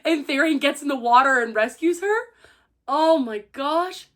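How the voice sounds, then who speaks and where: High-voiced, excitable young woman. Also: unhurried. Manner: gushing, excitable, heavy use of "like". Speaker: book reviewer. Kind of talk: casual spoiler review chat.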